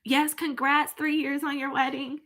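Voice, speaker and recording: A woman's voice: high voice, flat delivery, measured pace, a bit bright. A woman, chatting casually from home straight to her viewers and reading out their comments. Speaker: vlogger.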